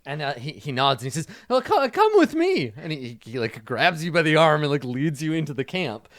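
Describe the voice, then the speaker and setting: A man's voice: on the high side, a little fast, a bit bright. A man narrating a tabletop game as dungeon master, in a loose style full of fillers and "like". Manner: loose and filler-heavy, uses "like" often.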